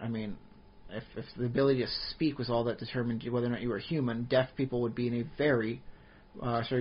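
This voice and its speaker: A man's voice: medium pitch, husky, lo-fi sound. A man co-hosting a podcast in casual chat, rambling with frequent fillers and restarts. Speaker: podcast co-host.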